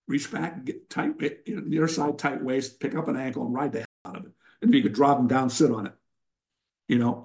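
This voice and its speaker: A man's voice: mid-range voice, a little mellow. An older man, a wrestling coach and guest, giving blunt, emphatic instruction and telling sarcastic stories in an interview.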